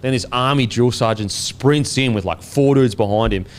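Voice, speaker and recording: An Australian man in his thirties hosting a podcast, telling a story in a casual, animated way and swearing freely. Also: medium pitch, moderate pace. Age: 30s. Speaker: podcast host and former rugby league player.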